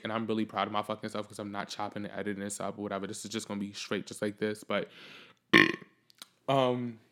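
A man hosting his own podcast alone, talking off the cuff in a blunt, profane, sassy way, swinging between loud outbursts and low muttering. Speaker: podcast host. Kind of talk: solo podcast monologue, unscripted.

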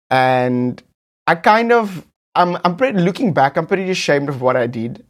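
A man with a South African English accent, a podcast host telling a personal story in a camp, animated, casual way, repeating phrases for effect. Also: on the high side, normal speed.

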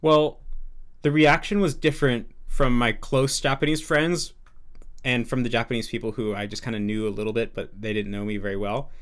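A man's voice: medium pitch, fairly even intonation, normal speed. A young man as a podcast guest, explaining earnestly and thinking aloud in a casual interview.

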